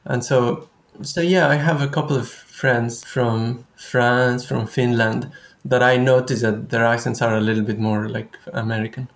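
A young man appears as a guest researcher in a casual conversation, speaking thoughtfully and haltingly and often restarting his sentences. His mid-range voice is steady in tone, recorded with a roomy sound.

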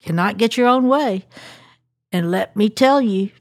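A woman sharing a personal story as a devotional, weaving in scripture as she goes. She speaks slowly and deliberately. The recording is close and dry. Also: medium pitch, dry recording. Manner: warm anecdotal storytelling with scripture.

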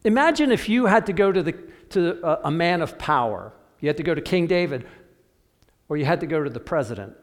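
A man preaching a sermon, telling a story and acting out the voices of biblical figures, with sudden drops to a quiet voice. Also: a little high, expressive, fairly quick, in a large hall. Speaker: pastor.

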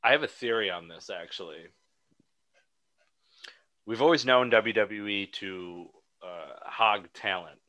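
A man co-hosting a podcast, talking in an animated, rambling way with frequent restarts. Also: lowish voice, measured pace, long pauses. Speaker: podcast co-host. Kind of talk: casual chat.

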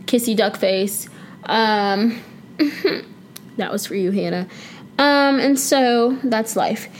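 A woman's voice: on the high side, takes it slowly, a little hiss or hum. A woman in her twenties hosting her own podcast, chatting casually and self-deprecatingly from her bedroom at home, often drifting off topic. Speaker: podcast host. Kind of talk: casual solo chat.

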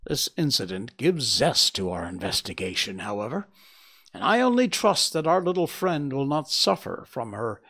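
A man voicing a calm, witty detective who answers threats with bland, quietly mocking remarks. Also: medium pitch. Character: calm, witty male detective, unflappable and dry. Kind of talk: dramatic audiobook reading.

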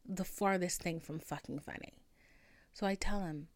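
Expressive woman telling a story, dry sound. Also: fairly low pitch, moderate pace, no room sound. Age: 20s. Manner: expressive, swears freely, swings from hushed whispers to loud rants. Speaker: podcast host. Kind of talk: casual storytelling monologue.

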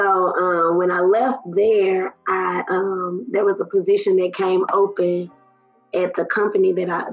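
Woman, husky voice, talking through her story with lots of ums, kinda muffled lo-fi audio w/ faint music. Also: lowish voice. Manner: emotional, chatty, many fillers. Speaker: guest. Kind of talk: casual storytelling interview.

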